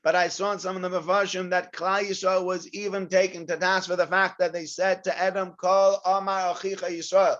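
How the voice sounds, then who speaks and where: Rabbi giving a Torah class, higher voice, dramatic acted-out quotes, muffled lo-fi recording. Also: male voice, level tone, a little fast, hardly any pauses. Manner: acts out quotes with sudden loud outbursts. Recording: dull lo-fi recording.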